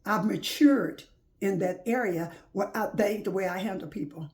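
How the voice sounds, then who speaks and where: A woman's voice: mid-range voice, normal speed, darkish tone. A woman preaching informally to her listeners, urging them on with repeated rhetorical questions and folksy phrasing. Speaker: faith-based motivational speaker.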